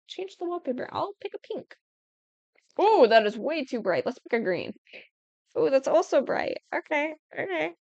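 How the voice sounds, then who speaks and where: A young Sims building tutorial creator offers casual gameplay commentary while she builds, breaking off mid-thought and giggling often. Her voice sits high and sounds gravelly, recorded lo-fi with no echo.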